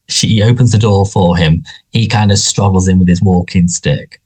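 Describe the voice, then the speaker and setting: Low husky man chatting. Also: fairly even intonation, normal speed, darkish tone. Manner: rambling, frequent restarts and fillers. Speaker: podcast co-host. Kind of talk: casual chat about a sitcom.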